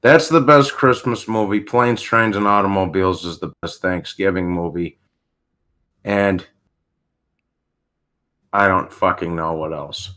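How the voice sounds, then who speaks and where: A man's voice: deep voice, measured pace, pauses often, a bit bright. A man co-hosting a casual podcast, brash and swearing freely. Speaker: podcast co-host.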